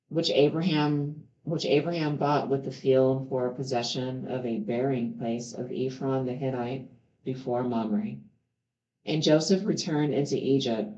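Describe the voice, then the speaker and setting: A woman with a warm bass voice reads scripture aloud, pausing now and then to add earnest, heartfelt comments of her own. The home recording sounds roomy and slightly dull.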